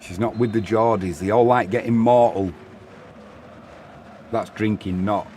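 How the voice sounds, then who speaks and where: A man's voice: on the low side, fairly even intonation, measured pace, darkish tone, slight background noise. A man hosting live football commentary, chatting and reading out viewer comments between plays. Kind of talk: live watch-along commentary.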